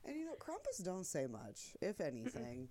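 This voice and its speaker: A woman's voice: lowish voice, huge pitch swings, normal speed, over a noisy crowd. A woman co-hosting a podcast, chatting casually about a movie, swearing freely and laughing often. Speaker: podcast co-host. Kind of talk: casual movie review chat.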